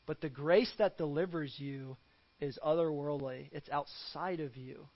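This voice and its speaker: A man's voice: on the high side, unhurried, muffled recording. A man preaching a sermon as pastor, earnest and fond of rhetorical questions.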